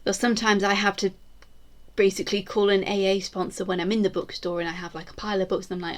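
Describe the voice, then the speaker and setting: A woman's voice: medium pitch, fast. A woman chatting casually as a YouTuber, rambling through self-deprecating asides. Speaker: YouTuber ranking screen portrayals. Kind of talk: casual chat to camera.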